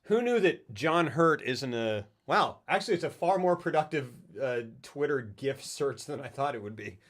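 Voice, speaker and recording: A man's voice: fairly high pitch, big pitch swings, normal speed. A man hosting a live game stream, chatting casually in a rambling, jokey way. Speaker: streamer host. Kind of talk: casual chat over gameplay.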